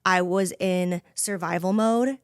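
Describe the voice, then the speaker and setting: A woman in her thirties talks openly and from the heart as a podcast guest. Her voice sits low. The sound is dry and close, with no room around it. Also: slow, clear, resonant tone, no echo. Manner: earnest, heartfelt, repeats "you know" and "like". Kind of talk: candid personal conversation. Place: podcast studio.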